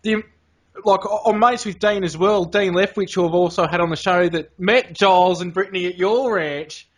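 Male host, high voice, loose rambling storyteller. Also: moderate pace. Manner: rambling storyteller, relaxed slang. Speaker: podcast host. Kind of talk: casual interview chat.

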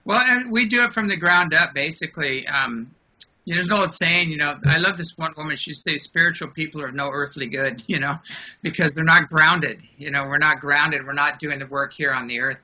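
Male interview guest, bright cutting tone, slightly high, chatty and animated. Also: fairly quick, low-quality recording. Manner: animated, laughs often, many fillers. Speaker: guest, ranch founder. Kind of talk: casual interview talk.

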